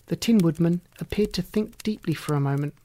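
A narrator reading a children's storybook aloud in a measured way, sometimes dropping near a whisper. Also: mid-range voice, dark tone. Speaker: audiobook narrator.

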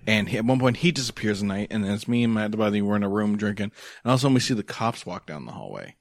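A man's voice: lowish voice, lively intonation, rapid-fire, dry recording, studio quality. A young man hosting a podcast, telling a crude college story in casual chat. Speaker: podcast host.

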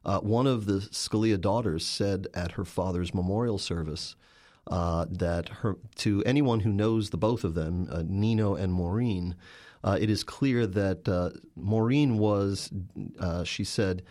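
A man's voice: low voice, unhurried, darkish tone. A man, a journalist and author, answering interview questions with emphatic, storytelling narration.

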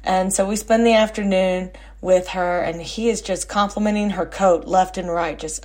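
A woman's voice: medium pitch, steady tone, normal speed, few pauses, darkish tone. A woman in her forties from Texas, a podcast host telling a family story in a rambling, casual way, often correcting herself and using fillers.

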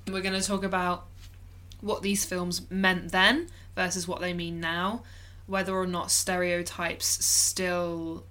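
A woman's voice: fairly low pitch, bright, forceful tone. A woman co-hosting a podcast in casual chat, chatty and laughing often, with plenty of ums. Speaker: podcast co-host.

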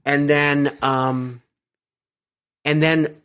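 A man's voice: a little high, flat delivery, very slow, a bit bright, clear, resonant tone. A middle-aged American man being interviewed, telling personal stories in a rambling way with many fillers and restarts. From United States. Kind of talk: casual storytelling interview.

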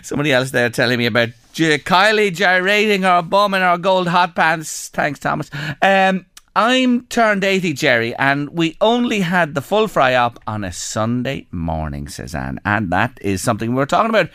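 Irish male radio host, slightly high, very lively voice, chatty and curious, dry studio sound. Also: moderate pace, clean tone, no echo. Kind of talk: lively radio chat, reading listener texts.

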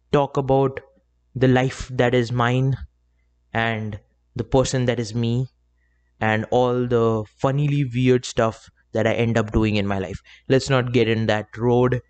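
A man's voice: mid-range voice, a little mellow, smooth. Rambling, self-joking young man podcasting. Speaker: podcast host. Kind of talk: casual solo podcast monologue.

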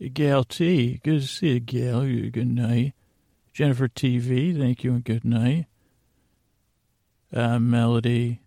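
A man hosting a podcast meant to help listeners sleep, reading out listener names in a meandering, soft, rambling way. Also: medium pitch, vocal fry, no echo. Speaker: podcast host. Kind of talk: sleepy listener shout-outs.

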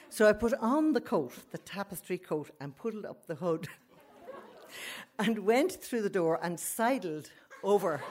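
A woman telling a comic personal story live, animated and full of laughing asides. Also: mid-range voice.

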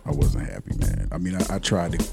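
A man's voice: extremely low pitch, very animated, a little fast, creaky, loud music behind the voice. A man co-hosting a podcast in laid-back casual banter. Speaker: podcast co-host.

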